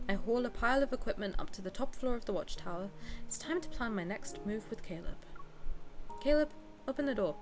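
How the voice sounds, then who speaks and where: Brief: blunt, playful female streamer in her twenties reading a game aloud, clear game music behind. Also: mid-range voice. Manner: playful, blunt, chatty with viewers. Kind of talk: reading game text aloud and chatting with viewers.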